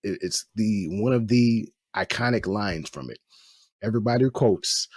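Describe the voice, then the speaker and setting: A man's voice: lowish voice, moderate pace, slightly rough, no room sound, studio quality. A man hosting a movie podcast, talking casually in rambling, exasperated rants with many restarts. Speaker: podcast host. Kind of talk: casual chat.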